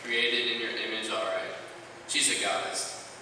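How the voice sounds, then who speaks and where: An awkward slacker teen , played by a man, mumbles his wishes in a fairly low voice, with plenty of ums and likes. He is heard from a distance in a long, echoing church hall. Noise can be heard behind him. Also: steady tone, measured pace, close to an everyday voice. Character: slacker teen boy, awkward and self-serving. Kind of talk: church youth skit. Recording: echoey church hall, distant mic, noisy.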